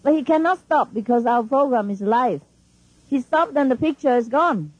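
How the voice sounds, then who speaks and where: A woman's voice: high voice, lively intonation, normal speed, darkish tone, slightly rough, dry recording, lo-fi sound. A woman spiritual teacher talking informally and emphatically to her followers, laughing often and speaking in non-standard English.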